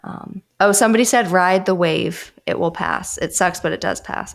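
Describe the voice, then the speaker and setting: A woman's voice: on the low side, moderate pace, creaky. A woman co-hosting a casual therapy podcast, reading listener answers aloud and laughing often. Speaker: psychologist podcast co-host. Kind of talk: casual group podcast chat.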